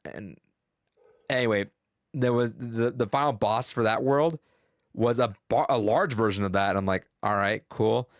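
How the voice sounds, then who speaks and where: A young man co-hosting a podcast, talking about a video game in a rambling, excitable, profane way. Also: mid-range voice, normal speed, no echo, studio quality. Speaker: podcast co-host. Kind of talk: casual gaming chat.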